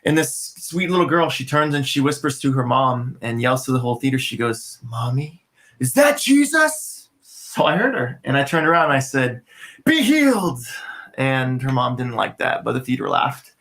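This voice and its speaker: A man's voice: mid-range voice, fairly quick, fairly bright tone. A man from an acoustic duo telling a joking, self-mocking story between songs, with guitar behind him.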